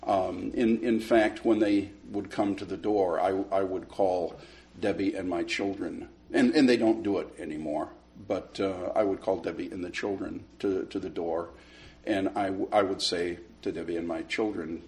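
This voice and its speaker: A middle-aged man teaching a Sunday school lesson, telling a story with lively acted dialogue and frequent repeated words. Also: low-pitched, moderate pace. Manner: animated storyteller, acts out both sides of a conversation, repeats words when starting.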